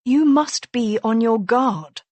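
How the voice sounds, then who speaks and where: Woman voicing a witty young noblewoman, arch, teasing, unhurried, dry close sound. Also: fairly high pitch, lively intonation, a little mellow, no echo. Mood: earnest. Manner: arch, teasing, mock-concerned. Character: clever sharp-tongued young noblewoman.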